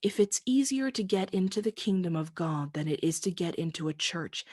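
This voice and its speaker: A woman preaching a sermon in a measured, reflective way, asking rhetorical questions. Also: fairly low pitch, expressive, darkish tone, dry recording, clean studio sound.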